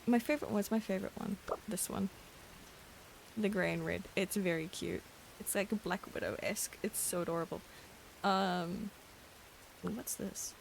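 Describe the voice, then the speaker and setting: A woman streaming a game late at night, chatting casually in a hushed voice, giggling and gushing over cute things. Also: mid-range voice, normal speed, creaky, a little hiss or hum. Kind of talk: casual live-stream chat while gaming.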